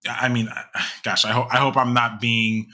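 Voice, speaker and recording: A man's voice: medium pitch, flat delivery, normal speed, bright, forceful tone. A young man co-hosting a podcast, rambling casually with many fillers and restarts. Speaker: podcast co-host. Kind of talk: casual chat.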